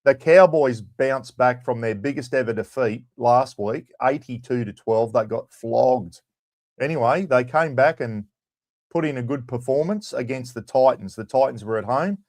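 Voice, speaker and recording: A man's voice: medium pitch, moderate pace, a little mellow, no echo, clean studio sound. A middle-aged Australian man hosting a casual livestream chat. He greets viewers by name and drops in casual swearing. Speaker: livestream host.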